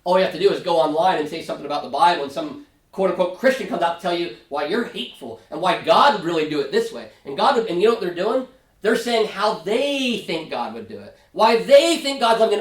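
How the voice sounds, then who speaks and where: A man pastor teaching a Sunday school Bible study, animated, acting out biblical characters in quick asides. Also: high voice. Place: church classroom. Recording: echoey room, mic at a distance.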